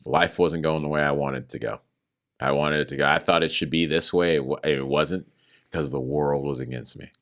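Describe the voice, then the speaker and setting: A man with a remarkably deep, low voice shares a personal testimony in conversation. He speaks earnestly about his faith and brings the story to life by acting out what other people said. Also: moderate pace. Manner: animated, acts out other people's words in raised voices. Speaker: podcast guest.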